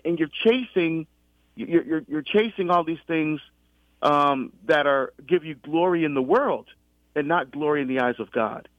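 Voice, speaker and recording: A middle-aged deacon from the US East Coast in a conversational faith talk, telling his story with many restarts and animated quoted exchanges. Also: a little high, normal speed, dry recording. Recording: dull lo-fi sound.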